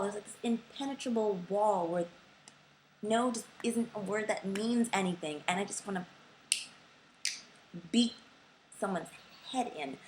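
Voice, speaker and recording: A woman's voice: on the high side, poor audio. Young woman venting on her vlog, blunt and sweary, sore throat, little hiss behind her. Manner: frustrated, blunt, swears freely. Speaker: vlogger. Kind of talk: casual vlog rant.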